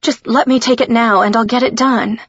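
A woman's voice: a little high, fairly even intonation, normal speed, husky, dry recording, pitched above the performer's own voice. A woman narrator voicing a nervous young maid who speaks timidly and apologetically, on a dull lo-fi recording. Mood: apologetic.

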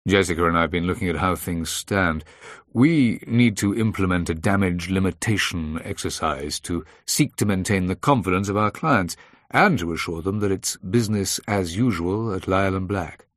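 A man's voice: low-pitched, moderate pace, a bit bright, dry recording, studio quality. A man reading the part of a formal, reassuring senior boss in an audiobook. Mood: smooth.

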